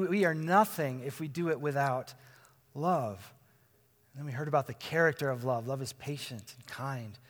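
A man's voice: a little high, fairly bright tone, in a large hall. A man in his forties giving a conversational sermon as pastor, chatty and informal, asking the congregation questions. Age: 40s. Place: church sanctuary with congregation.

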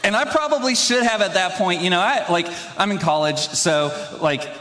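A young man giving a casual sermon, his fairly high voice wandering through restarts and self-mocking laughs. His words hang in a long hall reverb. He sounds like he is confiding in the room. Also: normal speed, fairly bright tone. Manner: rambling, self-deprecating, laughs often. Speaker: preacher. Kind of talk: conversational sermon.

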